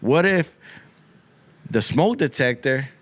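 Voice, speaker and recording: In a rambling, profane comic monologue, a male podcast host riffs along and drops Spanish slang into his English. His mid-range voice is expressive and slow-paced, with no room sound.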